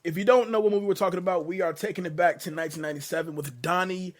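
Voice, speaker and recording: A man hosting a casual movie review chat, laid-back and quick to chuckle. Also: high voice, steady tone. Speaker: host.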